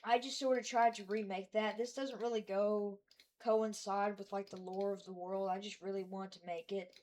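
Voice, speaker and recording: Woman, casual gameplay voice-over, mid-pitched, halting and rambly, self-deprecating. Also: steady tone, darkish tone. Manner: rambling and hesitant, with many fillers and restarts; self-deprecating about her own work. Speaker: creator giving a tour of her game world.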